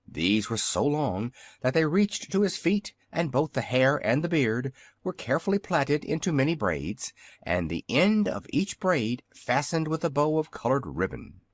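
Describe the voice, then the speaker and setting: A man reads an audiobook aloud, narrating in a measured yet expressive way. His voice has a middling pitch and rises and falls a great deal. The recording is dry and close. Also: dry recording. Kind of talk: scripted narration.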